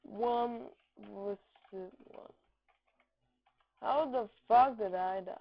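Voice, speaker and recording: A woman giving excitable live game commentary, shouting, swearing and making boom sound effects over a dull, lo-fi recording. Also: very slow. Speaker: gameplay commentator.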